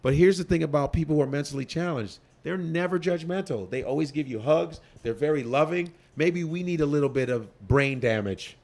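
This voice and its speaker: A male comedian in a casual interview, ranting in a profane, animated way. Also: a little high, fairly quick, few pauses. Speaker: comedian guest.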